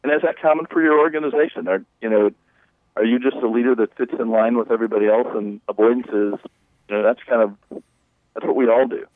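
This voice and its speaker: A man's voice: mid-range voice, fast, no room sound. A leadership coach explaining his approach in an interview, in a folksy, conversational way. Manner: folksy, conversational, acts out client quotes. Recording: tinny phone line.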